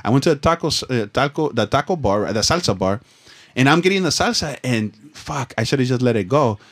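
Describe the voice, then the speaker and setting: A man's voice: medium pitch, expressive, brisk. A young man from Southern California, telling a rambling, profane story in casual chat full of slang and restarts. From Los Angeles, USA.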